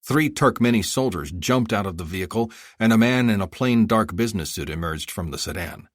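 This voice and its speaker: Low-voiced man narrating an audiobook. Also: lively intonation, fairly quick, no room sound, studio quality. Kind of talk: scripted narration.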